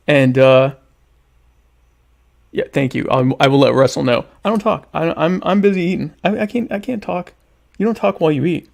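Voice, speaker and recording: A man's voice: fairly high pitch, normal speed, creaky, darkish tone. A man, hosting a casual live stream, joking and mock-indignant while he reads chat comments aloud. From United States. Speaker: podcast host.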